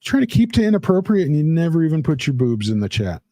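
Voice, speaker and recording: A man's voice: on the high side, very animated, fast talker, warm tone, dry recording. A man hosting a casual livestream, reading out chat comments in a rambling, playful way with lots of fillers. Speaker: livestream host.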